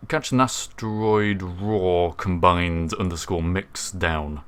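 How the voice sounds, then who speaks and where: Young guy hosting a gaming stream, lowish voice, upbeat announcer-ish chatter. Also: steady tone, slow, smooth. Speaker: livestream host. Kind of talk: casual livestream chat.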